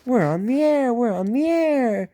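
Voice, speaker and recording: A man voicing an excitable young male engine in a storybook reading, squeaky and eager. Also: unhurried. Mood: excited.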